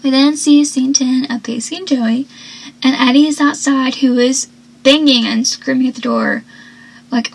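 A woman's voice: sits high, steady tone, moderate pace, gravelly, breathy edge, low-quality recording. A woman chatting casually through a TV episode recap, full of "like"s and acting out the characters' lines. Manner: chatty, many "like"s, acts out quotes.

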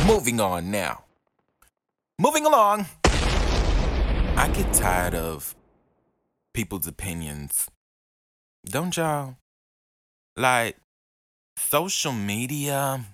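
A man's voice: lowish voice, a bit bright. A young man, ranting profanely and hurling mocking insults in a casual podcast monologue. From Alabama. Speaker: podcast host.

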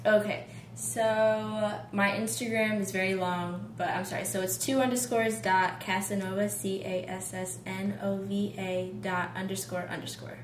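A woman's voice: mid-range voice, little pitch movement, moderate pace, hardly any pauses. An easygoing woman guest talking casually on a podcast. Her voice carries noticeable room echo, with faint noise underneath. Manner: easygoing, brief agreeing replies.

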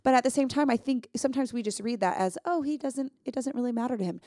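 A woman's voice: on the high side, quick pace, warm tone, dry recording, studio quality. A woman co-hosting a casual Bible study chat, earnest and emphatic, thinking aloud as she explains. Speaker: podcast co-host.

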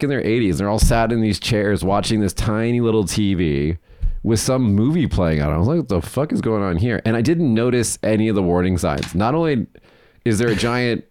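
A man with a lowish voice in his thirties, telling a story in casual podcast chat. He swears freely and often laughs mid-sentence as the tale gets louder. The sound is dry and close to the mic, with no room around it. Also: no room sound. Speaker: podcast co-host.

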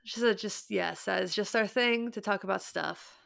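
Gravelly, smooth-voiced woman podcast co-host. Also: mid-range voice, normal speed, a bit bright, dry recording, clean studio sound. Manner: chatty, rambling storyteller. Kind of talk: casual chat.

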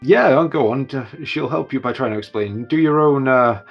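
A man narrating a tabletop game as its game master, in a relaxed, chuckling way. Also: mid-range voice, normal speed, gravelly, muffled recording.

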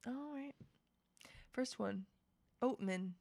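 A woman's voice: fairly high pitch, slow pace, gravelly, dark tone, dry recording. A woman co-hosting a casual chat podcast, running a playful quiz game with lots of laughs and jokes. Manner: playful, giggly, jokey quizmaster.

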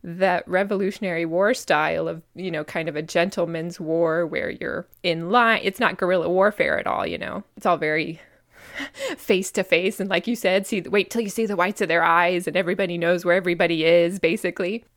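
A woman's voice: fairly low pitch, steady tone, brisk, no echo, clean studio sound. An American woman co-hosting a podcast, chatting casually about history with many fillers and frequent laughs. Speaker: podcast co-host.

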